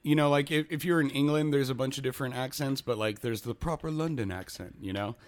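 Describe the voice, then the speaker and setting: A man's voice: mid-range voice, fast talker. A man hosting a podcast in casual chat, recovering from a cold, laughing often and explaining at length. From western United States. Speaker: podcast host.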